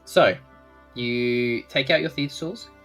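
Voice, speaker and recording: An Australian man narrating as game master in a relaxed way, with many ums and uhs. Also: mid-range voice, slow pace, soft background music.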